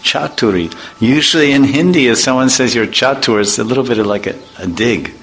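A man's voice: medium pitch, lively intonation, fairly quick, fairly bright tone, low-quality recording. A man giving an informal religious talk, telling chatty, playful anecdotes and acting out voices. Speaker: devotional speaker.

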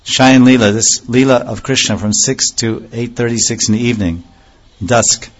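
A man giving a devotional lecture as a spiritual teacher, explaining slowly and repeating phrases and scripture terms as he goes. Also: medium pitch, fairly even intonation, dull audio.

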